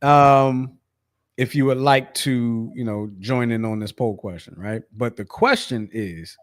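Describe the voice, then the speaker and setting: A man's voice: medium pitch, a little slow. A man hosting a sports podcast in a loose, chatty way, with lots of fillers and restarts. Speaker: podcast host. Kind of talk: casual sports chat.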